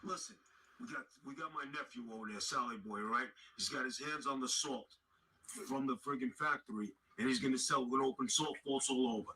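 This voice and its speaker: A man's voice: mid-range voice, fairly quick, sharp tone, recorded from a distance, slight background noise, close to an everyday voice, rough recording. A man playing a brash, profane Italian-American mob boss in a comedic wrestling skit, with a put-on Italian-American accent. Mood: scheming. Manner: gruff, profane, bossing others around.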